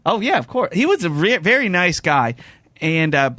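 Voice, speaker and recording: A man hosting a casual podcast chat, telling an anecdote in an animated way, often laughing and restarting his sentences. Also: high-pitched, moderate pace, no room sound. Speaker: podcast host.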